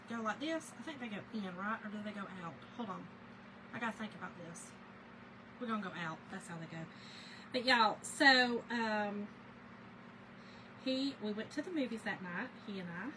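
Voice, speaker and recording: Working on crafts during a livestream, a Southern US–accented woman chats animatedly through a story, laughing frequently and talking to her viewers. She speaks in a mid-range voice at a moderate pace with long pauses, against a noisy background.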